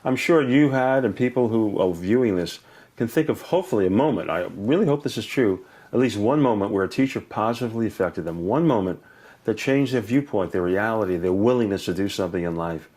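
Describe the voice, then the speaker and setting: Deep-voiced older man telling stories. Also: brisk. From Brooklyn, New York. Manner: animated, laughs often, acts out voices in stories. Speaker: educator and author, interview guest. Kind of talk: warm anecdotal storytelling.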